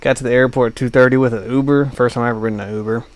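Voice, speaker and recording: A podcast co-host with a medium-pitched voice talks very fast with fairly even intonation, and there's no room sound. In casual chat he rambles through a long travel anecdote packed with fillers like "uh" and "like."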